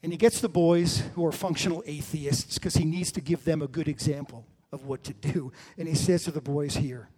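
A middle-aged man preaching a sermon, telling the story with lively swings between loud and hushed delivery. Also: on the high side, a little fast, few pauses, breathy edge.

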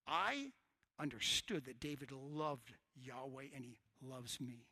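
A middle-aged male pastor preaching a sermon, swinging from hushed asides to shouted lines. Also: medium pitch, very animated, slow pace, vocal fry, husky, no echo.

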